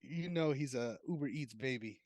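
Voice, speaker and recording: A man's voice: medium pitch, moderate pace, darkish tone, no echo. A man co-hosting a casual sports podcast, joking and swearing, laughing often. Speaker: podcast co-host.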